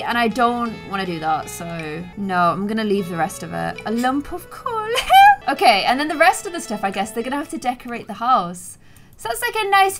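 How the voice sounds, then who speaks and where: A young woman hosting a gameplay video, chatting excitably and gasping at surprises. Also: high voice. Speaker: let's play host. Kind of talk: gameplay commentary.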